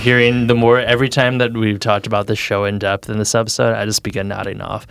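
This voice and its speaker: A man's voice: fairly low pitch, level tone, fast, creaky, fairly bright tone, slight background noise. A man co-hosting a podcast in casual chat, wry and self-mocking. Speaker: podcast co-host.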